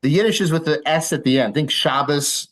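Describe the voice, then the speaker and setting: A man's voice: a little high, a little fast, fairly bright tone, rough recording. Man teaching a class, patient and dry. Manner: patient, explanatory, dry humor, frequent fillers. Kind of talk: informal lecture with audience questions. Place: congregation classroom with a live audience.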